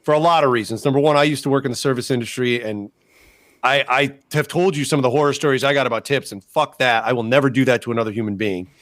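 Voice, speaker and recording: A man's voice: medium pitch, fast, a bit bright, no echo, clean studio sound. A man co-hosting a podcast, telling a story in casual, profane chat and acting out the voices of people he quotes. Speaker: podcast co-host.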